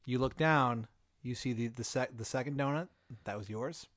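A man narrating an improvised comedy scenario as game master, in a deadpan second-person style. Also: mid-range voice, moderate pace, dry recording, studio quality.

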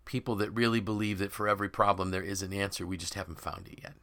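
A man hosting a podcast, talking in an emphatic, animated way and voicing imagined people's quotes. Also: lowish voice, fast. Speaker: podcast host and author. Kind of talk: conversational podcast discussion.

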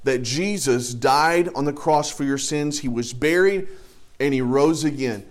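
A man's voice: mid-range voice, measured pace. A middle-aged man teaching a Bible class, preaching in a conversational way with everyday illustrations. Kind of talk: sermon.

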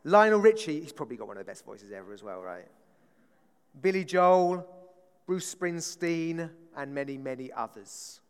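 A man preaching a casual, conversational sermon, voice sitting a little high for a man. He keeps drawing the congregation in with quick questions. His words ring out with a long church-hall reverb. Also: animated, clean tone. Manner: chatty, often asks the congregation "right?".

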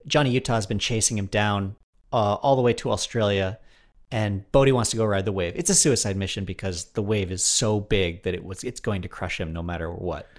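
Dude rambling thru movie stories, laughs a lot, swears, chill. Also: male voice, lowish voice, a little fast. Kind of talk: casual comedic chat.

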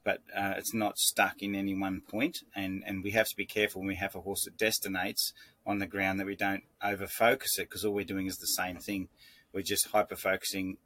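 Low, flat and even, this man's voice walks steadily through horse-training concepts as instruction. He explains calmly, looping back and starting sentences over as he goes.

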